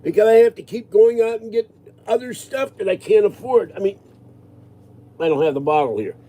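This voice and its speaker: A man's voice: high-pitched, expressive, fairly quick, dark tone. A man in his sixties ranting casually to his viewers, agitated and rambling. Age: 60s. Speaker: livestreamer answering viewers.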